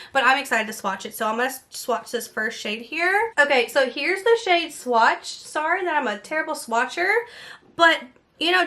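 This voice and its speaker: Woman beauty vlogger, high-pitched, candid chatty unboxing delivery. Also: bright, forceful tone. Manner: chatty and frank, many fillers. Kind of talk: casual unboxing chat.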